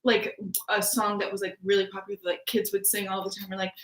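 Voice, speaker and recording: A woman's voice: mid-range voice, monotone, quick pace, a bit bright, roomy sound. A young woman co-hosting a casual astrology chat, talking in a playful way with lots of fillers. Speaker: astrologer co-host.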